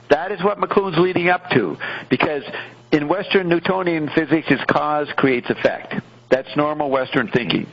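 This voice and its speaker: A man hosting a radio show, reading a text aloud and explaining it in a digressive, playful way. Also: fairly high pitch. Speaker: radio host. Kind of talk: lecture-style commentary, reading aloud and explaining. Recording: dull lo-fi radio sound.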